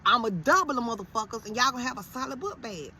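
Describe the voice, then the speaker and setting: Animated, profane woman telling a story. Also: on the high side, slight background noise. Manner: animated, profane, quick to quote others. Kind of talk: casual storytime.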